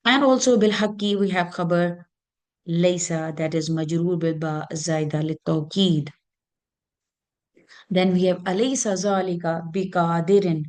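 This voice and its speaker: Patient woman teaching grammar, slightly low. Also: darkish tone. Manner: patient, repetitive, many fillers. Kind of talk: explaining lesson slides.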